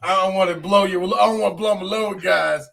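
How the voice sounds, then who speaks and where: High bright-voiced man on a podcast. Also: a little fast, creaky. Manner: animated, acts out voices and shouted quotes. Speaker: podcast co-host. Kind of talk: casual chat.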